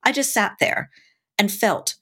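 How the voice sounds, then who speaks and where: A woman's voice: measured pace, breathy edge. A woman in her forties, a podcast guest, telling a candid story and acting out her own past thoughts with big swings in her voice. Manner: animated, acts out her own past thoughts with big pitch leaps and swearing.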